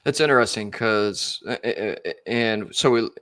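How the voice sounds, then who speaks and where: A man's voice: on the low side, moderate pace, a bit bright, no echo. A man, hosting a casual podcast interview and thinking aloud with loose, rambling phrasing. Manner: rambling, many fillers and restarts. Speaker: podcast host.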